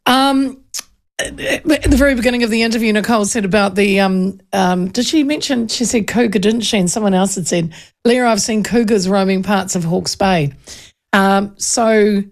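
A woman's voice: mid-range voice, normal speed. Chatty middle-aged New Zealand woman. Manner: chatty storyteller who laughs often. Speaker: radio show host. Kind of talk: casual radio chat.

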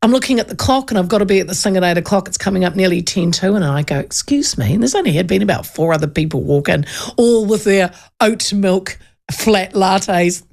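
A New Zealand woman hosting a radio show, telling a lively anecdote and acting out the people in it. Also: medium pitch, brisk, vocal fry. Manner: lively, animated, acts out voices in anecdotes. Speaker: radio host. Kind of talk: chatty radio storytelling.

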